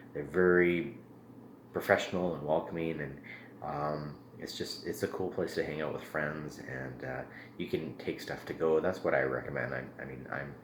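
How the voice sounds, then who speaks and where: Very deep-voiced man reviewing a beer. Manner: relaxed and rambling, many ums and uhs. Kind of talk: casual beer review vlog. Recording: echoey room with faint ambient noise.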